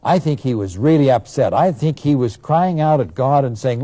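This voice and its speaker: A man teaching about the Bible in an animated lecture, acting out the people he quotes with sudden bursts of emphasis. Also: medium pitch, normal speed, few pauses, no room sound. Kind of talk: lecture on scripture.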